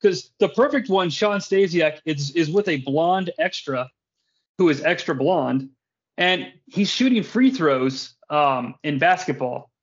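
A man hosts a podcast in loose, casual chat, rambling from tangent to tangent and swearing freely. His voice sits a little high. The recording sounds dull and lo-fi. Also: lively intonation, a little slow, slightly rough. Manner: rambling, profane, laughs often. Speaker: podcast host.

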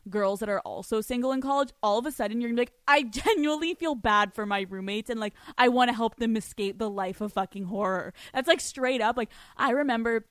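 A woman's voice: medium pitch, no room sound, studio quality. A young adult woman hosting a podcast, chatting casually and bluntly with lots of swearing, telling stories and answering listener letters. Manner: blunt, profane, animated storytelling. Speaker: podcast host. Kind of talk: casual advice chat, reading listener letters.

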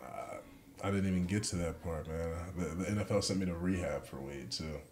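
A man's voice: deep voice, a little fast, a little mellow. A man, a former pro football player, telling a long, profane story in casual conversation and laughing at himself along the way. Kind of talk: casual podcast chat.

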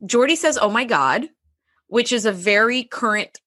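A woman's voice: on the high side, expressive, moderate pace, sharp tone, no echo, studio quality. A woman co-hosting a podcast, chatting casually and animatedly, acting out lines and laughing often. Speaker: podcast co-host. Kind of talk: casual recap chat.

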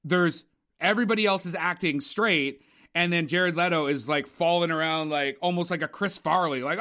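This young podcast co-host and film reviewer has a voice on the high side, pushed and bright, moving at a moderate pace. His movie review is loose, opinionated, and profane, wandering into plenty of asides.

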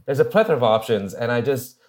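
A man hosting a casual chat show, laughing often and cracking quick playful jokes. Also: mid-range voice, very animated, darkish tone. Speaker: host.

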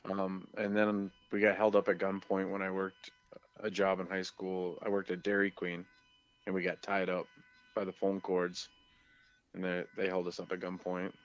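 A man's voice: sits low, completely flat delivery, moderate pace, lo-fi sound. A man recounting past events in a matter-of-fact way during a casual podcast conversation. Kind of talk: casual storytelling.

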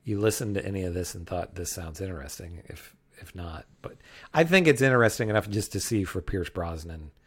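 A man's voice: low voice, animated, a little fast, few pauses. A man co-hosting a podcast, reviewing a film in casual chat, rambling and hesitant. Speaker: podcast co-host.

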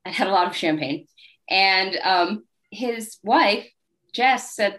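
Woman, guest author, wry, candid, anecdotal, medium pitch. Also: takes it slowly, pauses often. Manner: acts out quoted people in lively voices. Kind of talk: casual interview storytelling.

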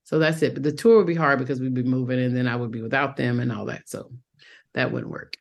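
A woman's voice: rumbling low, fairly even intonation, fast, gravelly. A woman with a Southern accent, a Broadway actress chatting casually as an interview guest over a video call, calling people honey. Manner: warm, chatty, calls people honey and boo.

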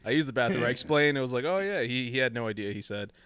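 A man tells a rambling story in easy, casual chat, slipping into quoted voices and breaking into laughter. His voice sits in a middle pitch. The sound is dry and close. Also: quick pace, clear, resonant tone, dry recording. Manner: animated, acts out quoted voices, laughs often.

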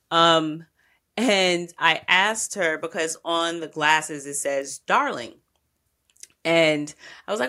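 A woman's voice: on the low side, takes it slowly. A woman hosting a travel podcast, telling her trip stories in a casual, candid way, full of slang and swearing. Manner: candid, slangy, animated storytelling with profanity.

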